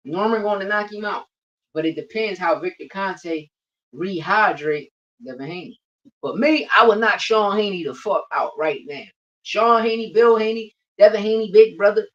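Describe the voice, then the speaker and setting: A man's voice: high-pitched, fairly bright tone. A man hosting a boxing podcast, ranting casually with brash, profane trash talk and repeating lines for emphasis. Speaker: podcast host. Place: livestreamed podcast. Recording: distant, dull lo-fi mic.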